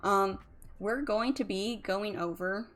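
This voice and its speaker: A sleepy streamer yawns as she chats casually and rambles about emotions, using many fillers. Her voice is medium-pitched, slow, and a little bright.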